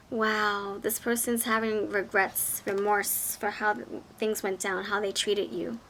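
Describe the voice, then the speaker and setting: A woman's voice: medium pitch, level tone, a little slow, hardly any pauses, fairly bright tone, slight background noise. A woman giving a pick-a-card tarot reading, talking in an effusive, exclaiming way and often repeating her words. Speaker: tarot reader.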